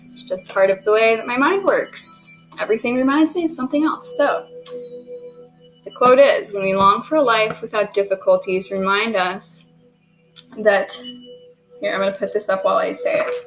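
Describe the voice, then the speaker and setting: A woman giving a casual tarot reading, chatty and self-deprecating, who keeps clearing her throat. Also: medium pitch, a bit bright, low-quality recording. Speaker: tarot reader.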